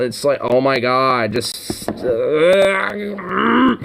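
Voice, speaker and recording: A man's voice: medium pitch, animated, drawn-out words, creaky, few pauses, a bit bright, a little hiss or hum. A man hosting a casual chat, rambling with lots of fillers and swearing. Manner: rambling, full of "you know" fillers, swears. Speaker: podcast host.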